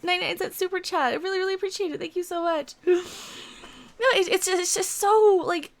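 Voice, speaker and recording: A woman's voice: very high-pitched, steady tone, fast. A woman hosting a casual live stream from home, chatty and giggly, swearing freely as she greets viewers and reads out donations. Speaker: livestream host. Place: room at home with a window open.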